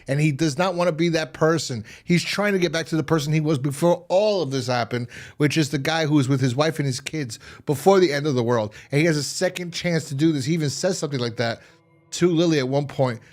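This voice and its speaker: A man's voice: a little high, brisk, a little mellow. Rambling man recapping a TV episode. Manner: rambling, filler-heavy retelling. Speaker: TV episode reviewer.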